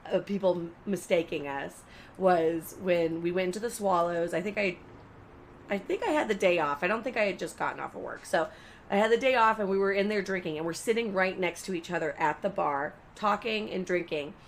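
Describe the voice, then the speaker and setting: A woman co-hosting a podcast, telling stories in a lively, casual way with laughter and swearing. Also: fairly low pitch, brisk, a little hiss or hum. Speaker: podcast co-host. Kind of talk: casual chat.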